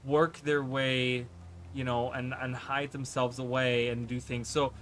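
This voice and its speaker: A man's voice: medium pitch, level tone, a little slow, fairly bright tone, a little hiss or hum. A man whose first language is not English, casually commenting on a game stream in a rambling way, full of fillers. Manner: rambling, many fillers and restarts.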